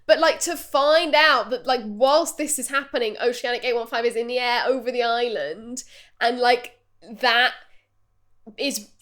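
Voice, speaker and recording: A woman's voice: a little high, measured pace, fairly bright tone. A woman co-hosting a comedy podcast, talking enthusiastically about favourite scenes in a casual chat. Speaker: podcast co-host.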